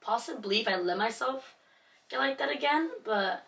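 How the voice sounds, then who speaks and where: Young woman podcast co-host, bright tone, rambling and reflective, a little off mic. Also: a little high, normal speed, vocal fry, distant mic. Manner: rambling, reflective, lots of fillers. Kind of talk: casual chat.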